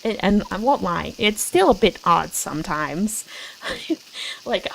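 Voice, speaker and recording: Giggly, lively young woman streamer with a gravelly edge. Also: medium pitch, unhurried, slight background noise, rough recording. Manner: chatty, giggly, self-deprecating, with excited quoted asides. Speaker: VTuber streamer. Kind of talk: casual chat.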